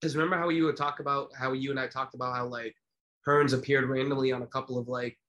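A man's voice: medium pitch, fast talker, lo-fi sound. A man in his thirties co-hosting a casual podcast, telling stories with lots of fillers and restarts. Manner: animated storyteller, many fillers and restarts. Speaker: podcast co-host.

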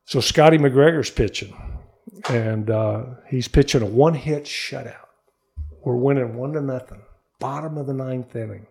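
Older guy with a gravelly voice telling a story in an interview, gets animated doing other people's voices. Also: mid-range voice, moderate pace. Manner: animated storyteller who acts out quoted voices. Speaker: interview guest.

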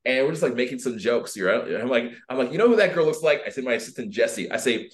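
Talking fast with hardly a pause, this man, a dating and personal development coach guesting on a podcast, spins a story in a mid-range voice. His delivery is lively and loose, packed with filler words, and he performs the different characters' voices.

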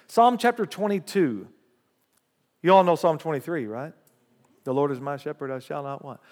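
A man preaching a sermon, reading scripture aloud with rising emphasis and lively call-and-response asides to the congregation. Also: high voice. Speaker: pastor. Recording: long hall reverb.

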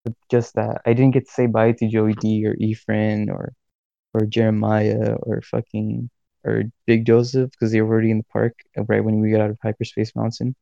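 A man's voice: on the low side, monotone, moderate pace, gravelly, mellow, no echo, highs cut off. A young man in his late teens, co-hosting a podcast, telling a story in a laid-back way full of filler words. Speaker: podcast co-host. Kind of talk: casual storytelling chat.

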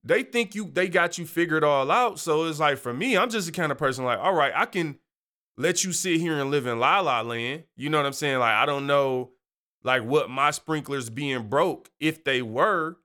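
A man hosting a show, telling a story in a casual, animated, slangy way and laughing often. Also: on the high side, normal speed. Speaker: podcast host.

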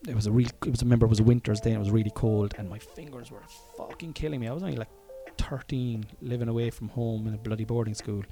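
Frank, mellow-voiced Irish man. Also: mid-range voice, quick pace, few pauses, faint music behind. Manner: frank and profane, often chuckling, rambling asides. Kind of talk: casual personal storytelling monologue.

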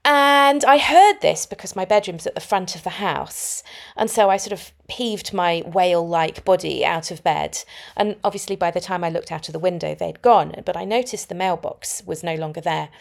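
A woman's voice: on the low side, moderate pace, creaky. A woman hosting her own podcast, telling personal stories in a reflective, anecdotal way from home. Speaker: podcast host. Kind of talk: solo podcast talk.

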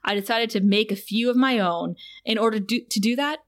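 A woman's voice: a little high, a little fast, close to an everyday voice. A woman reading the lines of a cocky, scornful young male vampire in a podcast recap.

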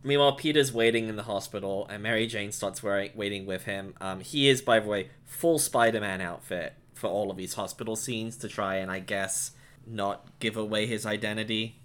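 A man co-hosting a podcast, his voice sitting a bit low. He sums things up in casual chat with a wry, sarcastic edge. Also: moderate pace, fairly bright tone. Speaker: podcast co-host.

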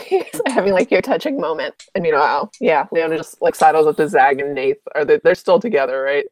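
A woman playing a tabletop game, talking briskly and casually. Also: sits low, expressive, a little mellow. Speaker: player.

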